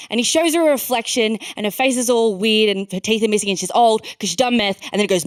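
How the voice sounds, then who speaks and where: A young woman with an Australian accent and a high voice, working through a stand-up comedy routine on stage. She rambles and puts herself down, dropping a stream of fillers between her lines. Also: expressive, a little fast, no room sound, clean studio sound. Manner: rambling, self-deprecating, filler-heavy delivery. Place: stage before a live audience.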